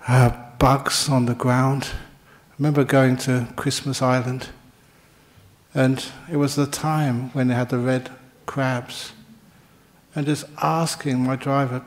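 A man giving a Buddhist dharma talk in a slow, reflective storytelling manner. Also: medium pitch, level tone.

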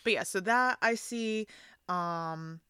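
A woman's voice: mid-range voice, takes it slowly, sharp tone, clean tone, dry recording. A woman co-hosting a casual film podcast, talking thoughtfully about casting. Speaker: podcast co-host.

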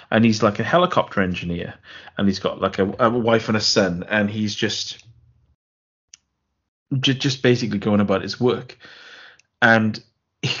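A man's voice: lowish voice, a bit bright, breathy edge, lo-fi sound. A man co-hosting a podcast, rambling sarcastically through a film plot and interrupting himself. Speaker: podcast co-host. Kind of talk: casual film-review chat.

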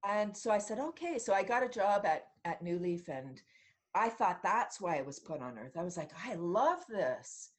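A middle-aged woman from Canada, a podcast guest telling stories in casual conversation, animated and often laughing as she acts out what people said. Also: fairly low pitch, moderate pace. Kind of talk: casual storytelling in an interview.

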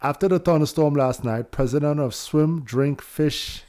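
A man's voice: on the high side, moderate pace, mellow. A young man from Toronto hosting a casual podcast, loose and slangy, laughing as he talks. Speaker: podcast host.

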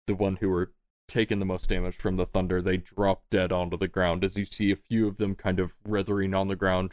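A man's voice: low-pitched, clean tone, no room sound. A man narrating a tabletop game as game master, casual and laughing often, swearing freely.

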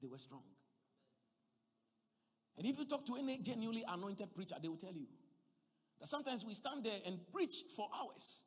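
A man preaching a sermon, swinging between loud emphatic passages and quiet asides. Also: high voice, very animated, moderate pace, pauses often, husky, in a large hall.

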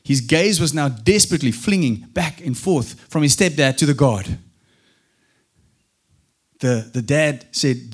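A man calmly narrating a fairy-tale story, unhurried, with small restarts. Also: medium pitch, slightly rough.

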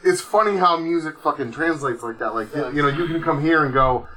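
A man's voice: a little high, brisk, sharp tone, distant mic, soft background music, rough recording. A man co-hosting a rowdy podcast in a basement during a party, telling stories with a lot of swearing. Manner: swearing, storytelling with acted-out quotes. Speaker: podcast co-host. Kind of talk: rowdy casual chat.

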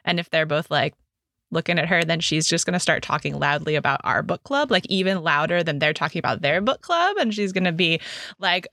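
Woman player, bright and sharp tone, dry close sound, chatty. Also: fairly low pitch, fairly quick, no echo. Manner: chatty, animated. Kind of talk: tabletop role-play chat.

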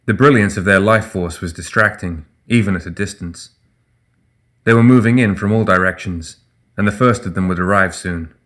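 A man narrating a fantasy audiobook in a steady, measured way. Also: deep voice.

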